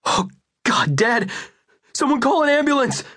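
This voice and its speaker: A male audiobook narrator voicing a frantic grown son, pleading in a strained, high-pushed voice. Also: sing-song, very slow, bright, forceful tone, no room sound, studio quality, heavily acted. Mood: desperate pleading.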